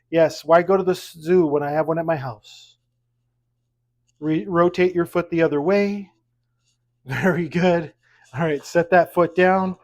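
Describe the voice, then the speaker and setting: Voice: medium pitch, a little mellow. Upbeat instructor counting seated exercise reps. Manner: counts reps aloud, upbeat coaching with light jokes. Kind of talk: leading a seated exercise class. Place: at home with pets around.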